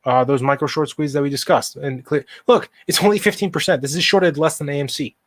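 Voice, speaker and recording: A man's voice: fairly high pitch, steady tone, fairly quick, no echo. A man hosting a live stock market stream, talking viewers through charts in an impassioned, emphatic way and answering chat. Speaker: livestream stock market host.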